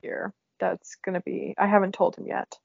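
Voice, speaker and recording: A woman's voice: medium pitch, level tone, moderate pace, creaky, husky, dry recording. A young woman hosting a podcast, chatting casually and emotionally, laughing often. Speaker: podcast host. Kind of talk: casual chat. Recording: dull lo-fi sound.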